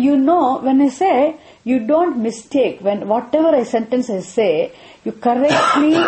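A woman's voice: fairly high pitch, darkish tone. A woman teaching a scripture class, repeating points and often asking her students if they understand. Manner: repetitive, checks students with frequent questions. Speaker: spiritual teacher. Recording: echoey room.

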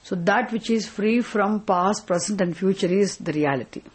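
Husky woman teaching. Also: mid-range voice, normal speed, poor audio. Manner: questioning, repeats points, asks "isn't it?". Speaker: spiritual teacher. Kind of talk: Vedanta scripture class.

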